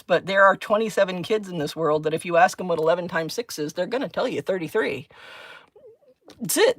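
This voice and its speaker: A woman's voice: on the low side, no room sound. A middle-aged woman chatting casually on a crafting livestream, rambling and self-deprecating, laughing often at herself. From United States. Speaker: crafting livestreamer, former chemistry teacher.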